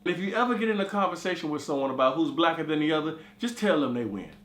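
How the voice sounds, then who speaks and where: A man's voice: on the high side, fast talker, roomy sound, slight background noise. A man with a cold and a stuffy nose telling a comic story to camera, acting out each voice in it. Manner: animated, acts out every voice in the story. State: congested with a cold. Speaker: comedy vlogger.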